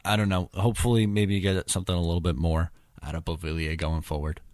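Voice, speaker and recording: A man's voice: low-pitched, little pitch movement, quick pace, a little mellow, dry recording, clean studio sound. A man hosting a casual hockey podcast, steering the talk with an easygoing, slightly hesitant manner. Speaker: podcast host.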